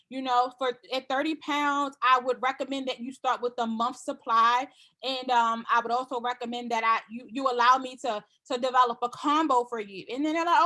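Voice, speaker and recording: A woman's voice: high voice, steady tone, fairly quick, pushed and bright. A woman giving a casual sales training talk to her team, confident and repetitive, acting out customer conversations.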